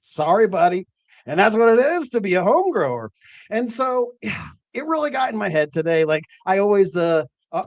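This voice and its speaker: The recording is dry, capturing a slightly high, somewhat mellow male voice. He hosts a late-night show about growing cannabis, telling meandering stories laced with fillers and occasional swearing.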